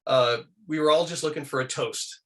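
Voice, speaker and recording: A man being interviewed as a guest, telling animated anecdotes and slipping into quoted voices. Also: normal speed. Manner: animated, acts out quoted voices with big pitch jumps. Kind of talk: lively anecdotal storytelling.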